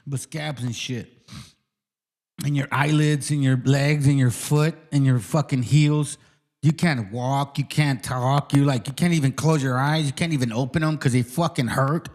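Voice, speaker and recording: A man's voice: medium pitch, fairly even intonation, a little slow, darkish tone. A man hosting his channel, ranting through biblical commentary with heavy swearing and repeated challenges to viewers. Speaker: channel host. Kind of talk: profane biblical commentary rant.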